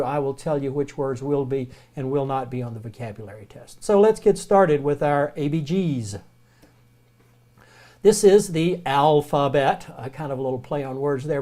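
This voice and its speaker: A man with a Southern American accent and a voice on the high side teaches the Greek alphabet. The recorded lecture is relaxed and folksy, and he slows down to spell words out.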